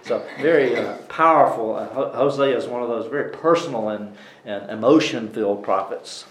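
A man with a Southern US accent giving an informal Bible lesson, chatty, with many fillers and some throat clearing. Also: mid-range voice, normal speed, echoey room, a little hiss or hum, rough recording. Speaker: Bible teacher.

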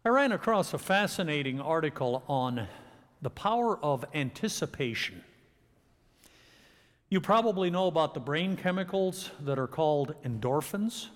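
A male pastor delivering a sermon, leading a prayer and then preaching with rising emphasis in a church. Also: fairly high pitch. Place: church sanctuary. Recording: long church reverb.

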